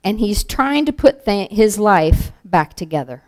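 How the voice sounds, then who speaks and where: A woman voicing a talking gadget box from a comic strip, explaining calmly. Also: mid-range voice, measured pace.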